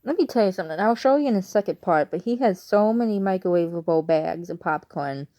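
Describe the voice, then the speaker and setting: A woman's voice: on the low side, lively intonation, a little fast, warm tone, no echo. A woman with a Chicago accent chatting casually to camera at home, rambling and correcting herself as she goes. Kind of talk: casual vlog chat.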